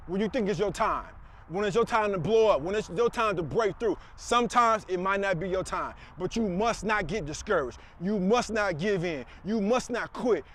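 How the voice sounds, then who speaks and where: A man's voice: sits high, slight background noise. A middle-aged man giving an emphatic, repetitive motivational speech to the camera, recorded outdoors. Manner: preachy, repetitive, emphatic with call-outs. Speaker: motivational speaker.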